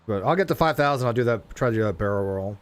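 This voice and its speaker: A man streaming a flight simulator, talking casually and rambling as he flies, often stumbling over his words and getting excited. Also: on the low side, quick pace. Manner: rambling, self-interrupting, excitable. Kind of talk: casual live gameplay commentary.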